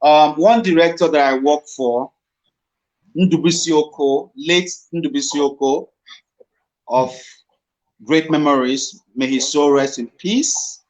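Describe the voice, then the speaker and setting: Nigerian man telling stories, slightly high voice. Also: takes it slowly. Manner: animated storyteller, dips into Pidgin. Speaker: guest actor. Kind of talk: casual storytelling interview. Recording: dull lo-fi recording.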